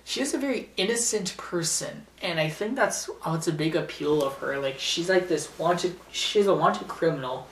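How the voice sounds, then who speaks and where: A man's voice: fairly high pitch, lively intonation, normal speed, hardly any pauses, a bit bright, a little hiss or hum. A man hosting a casual top-ten video, rambling with lots of fillers and giggles as he talks through his picks. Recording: roomy, distant from mic.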